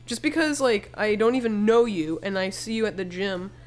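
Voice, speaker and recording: A woman's voice: medium pitch, animated, normal speed, darkish tone, soft background music. A woman co-hosting a casual podcast, talking frankly through her opinions. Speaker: podcast co-host. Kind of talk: casual chat.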